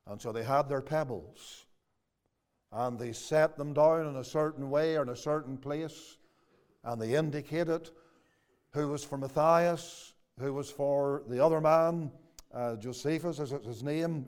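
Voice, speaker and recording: A man's voice: a little high, darkish tone. An older man and pastor preaching a sermon in a church, quoting scripture in old-fashioned English and building to emphatic declarations. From Northern Ireland. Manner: preaching with King James quotations, rising to emphatic declarations.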